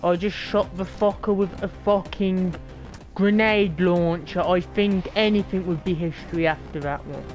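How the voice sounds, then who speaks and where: A woman's voice: on the low side, fairly even intonation, unhurried, darkish tone, soft background music. A woman with an Australian accent giving casual, profane, rambling commentary while streaming a game. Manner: profane, rambling, slangy banter.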